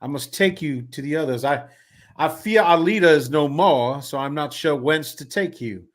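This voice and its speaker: A man voicing a bearded, cigar-smoking old carnival showman who speaks slowly in grand, old-fashioned phrases. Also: a little high, voice pushed up, lightly acted. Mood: grandiose.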